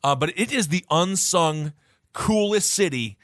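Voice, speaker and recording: Man, podcast co-host, upbeat, laughs a lot, lively swooping pitch, dry close sound. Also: a little slow, no echo. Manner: upbeat and animated, laughs often. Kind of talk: casual podcast chat.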